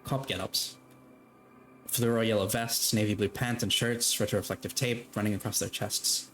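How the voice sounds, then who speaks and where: A man narrating a tabletop game as game master, casual and quick to laugh. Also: on the low side, steady tone, fairly bright tone, soft background music. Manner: casual, laughing, swears freely.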